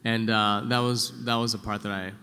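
Male voice actor guest, relaxed panel talk with a bright edge, echoey convention hall. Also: fairly low pitch, normal speed, slight background noise. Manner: chatty, laughs often, breaks into loud yelled voices when telling stories. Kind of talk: casual panel Q&A answers.

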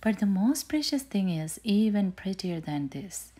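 A woman doing a gentle loving mother bear. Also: mid-range voice, sing-song, breathy edge. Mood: tender. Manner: tender, soothing, slow.

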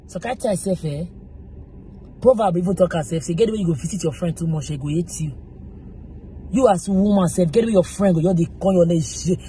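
A woman's voice: lowish voice, fast, warm tone, a little hiss or hum, rough recording. A woman with a Nigerian Pidgin accent speaks in a rambling, scolding monologue. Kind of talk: casual monologue.

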